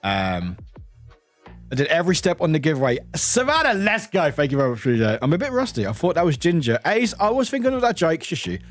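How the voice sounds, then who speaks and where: A man's voice: fairly high pitch, a little fast, soft background music. A man from the UK, a streamer chatting casually and animatedly with his live chat from home. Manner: animated, laughing, greeting chat by name. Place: home room.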